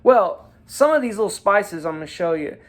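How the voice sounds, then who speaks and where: High-voiced man teaching guitar casually. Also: animated, normal speed. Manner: folksy and chatty, checks in often with "right?". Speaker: guitar teacher and show host. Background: his own guitar playing.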